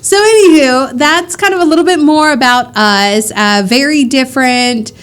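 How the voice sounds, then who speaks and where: A woman with a light Midwestern twang co-hosts a laid-back podcast. Her voice sits a little high, and she rambles and giggles, with plenty of fillers in her talk. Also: normal speed, clean tone. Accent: slight Midwestern twang. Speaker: podcast co-host. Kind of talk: casual chat.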